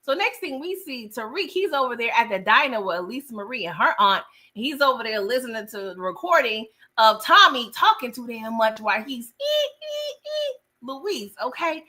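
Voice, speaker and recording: A woman's voice: on the high side, expressive, brisk, bright, forceful tone. A young woman chatting casually through a TV episode recap on a livestream, laughing and greeting viewers by name. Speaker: TV show recap host.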